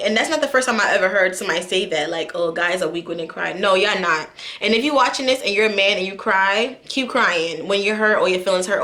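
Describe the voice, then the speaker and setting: Chatty New woman vlogger, bright tone, roomy echo; candid, talks straight to viewers. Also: mid-range voice. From New York. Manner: chatty, candid, lots of fillers, addresses viewers directly. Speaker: YouTube vlogger. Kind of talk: casual chat to camera. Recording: echoey room.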